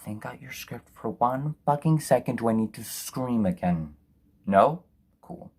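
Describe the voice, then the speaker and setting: A man delivers a film review as a long, profane rant. His voice is husky and middle-pitched, and his tone is sarcastic and exasperated throughout. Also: animated, a little slow, a little mellow. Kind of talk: ranting film review commentary.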